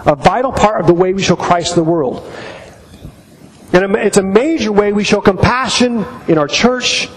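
Middle-aged male pastor, high-pitched and halting in a sermon, recorded in an echoing church hall. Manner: halting, repeats words while telling stories. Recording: long reverb in a hall, faint noise.

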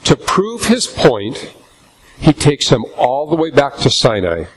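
Man preaching a sermon, slow emphatic phrasing. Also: medium pitch, a little hiss or hum, rough recording. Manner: reads scripture aloud, slows for emphasis. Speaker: pastor.

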